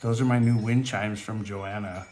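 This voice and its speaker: A man's voice: on the low side, steady tone, normal speed, slight background noise. A man hosting a beading channel, chatting casually from home in a rambling way with lots of fillers, his voice quivering with emotion. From California. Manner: rambling, warm-hearted, many fillers. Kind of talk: casual chatty vlog intro. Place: home, near a fountain and wind chimes.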